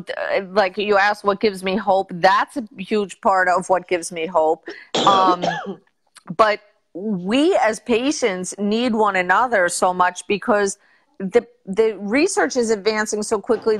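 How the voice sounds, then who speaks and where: A woman's voice: medium pitch, unhurried, fairly bright tone. A woman guest and patient advocate talking candidly and earnestly, often trailing off and restarting. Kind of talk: casual interview chat.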